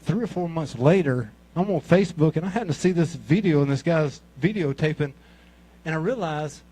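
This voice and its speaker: A man in his sixties with a Mississippi Southern drawl, an amateur comic at a talent show, tells rambling, profanity-laced stand-up stories in a crude, loose, conversational style. His voice sits a bit high for a man yet has a dark tone, on a rough recording.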